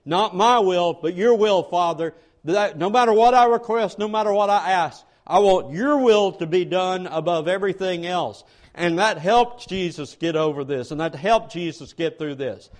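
Male preacher, high-pitched, earnest and emphatic, repeats phrases for weight. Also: moderate pace. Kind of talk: sermon.

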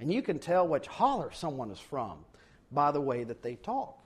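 A man's voice: fairly high pitch, sing-song, normal speed, slightly rough. A man preaching a sermon, acting out the quoted dialogue dramatically. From not from Ohio; lives in Ohio.

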